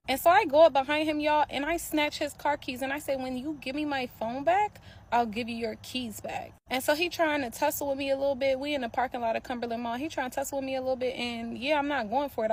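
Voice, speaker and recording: Woman, slightly high voice, animated casual storyteller talking to camera. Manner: animated, speaks straight to viewers, laughs often.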